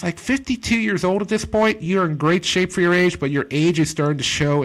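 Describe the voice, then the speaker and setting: A man co-hosting a casual podcast, a comedian who reviews a movie in a rambling way with lots of fillers. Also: a little high. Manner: rambling, filler-heavy, animated impressions.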